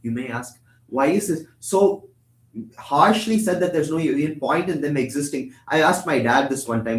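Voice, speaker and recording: A young man gives a temple discourse at a quick clip, his voice sitting a bit high. He poses questions and answers them himself, now and then rattling off chanted verses, in an echoey room. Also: lively intonation. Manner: explanatory, asks and answers his own questions. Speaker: temple lecturer. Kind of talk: religious discourse.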